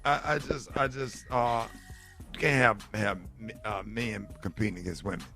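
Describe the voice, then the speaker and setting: Gravelly-voiced joking radio host. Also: male voice, lowish voice, normal speed, faint music behind. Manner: loud, joking, fake sneezes and playful yelling. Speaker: radio morning show host. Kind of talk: casual on-air banter.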